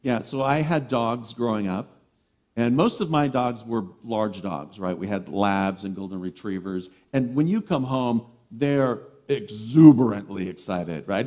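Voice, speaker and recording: A man giving a sermon as a reverend, animated and playful, telling lively stories. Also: fairly low pitch, unhurried.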